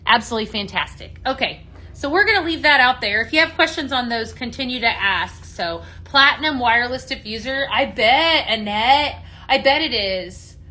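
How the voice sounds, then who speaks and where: Bright-voiced chatty woman selling live. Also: a little high, animated, moderate pace. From American Midwest. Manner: chatty, enthusiastic, greets viewers by name. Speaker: home fragrance consultant hosting a live sale. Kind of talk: casual live-stream product demo.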